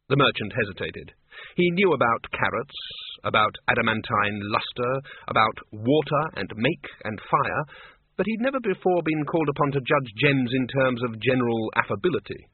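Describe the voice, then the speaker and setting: Man narrating a storybook, wry and expressive, lively pitch, tinny phone-like sound. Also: moderate pace, slightly rough. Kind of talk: audiobook narration. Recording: dry, tinny phone-like audiobook.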